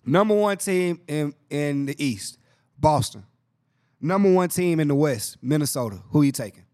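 A man hosting a podcast, chatting casually and excitedly, full of slang and repeating himself. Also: a little high, moderate pace. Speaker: podcast host. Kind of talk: casual basketball chat.

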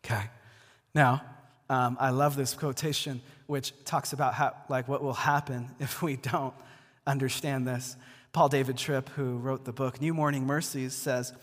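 A man's voice: mid-range voice, measured pace. A male pastor giving a conversational sermon to a congregation, talking casually and often restarting his words. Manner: relaxed, repeats words as he restarts, addresses the congregation directly. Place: church before a live congregation. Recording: long hall reverb.

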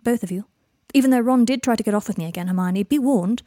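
A self-mocking young man, grieving but quick with sardonic jokes, as a woman reads him. The voice sits a little above her own and lands each quip dryly. The sound is close and dry, with no room around it. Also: on the high side, warm tone, dry recording, close to an everyday voice. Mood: wry.

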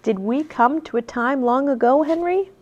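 Fearless little girl, soft and coaxing, with a high voice, read by a woman. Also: normal speed, highs cut off. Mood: gentle. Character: fearless friendly little girl, animal lover.

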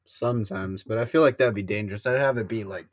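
Halting, chatty man. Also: fairly low pitch, dry recording. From Minnesota. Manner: halting, restarts a lot, sprinkled with "like". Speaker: podcast co-host. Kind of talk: casual chat.

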